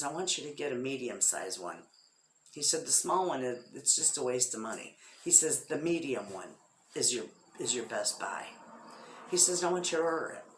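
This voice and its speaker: A middle-aged woman with a Midwestern American accent, chatting casually to her vlog audience and retelling conversations in lively quoted voices. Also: low-pitched, slight background noise. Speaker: homestead vlogger. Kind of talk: casual chat to camera. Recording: echoey room.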